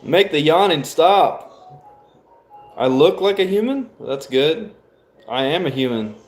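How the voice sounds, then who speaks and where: A young man casually answering live chat as a streamer, in slow, laid-back replies. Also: fairly high pitch, expressive, faint music behind.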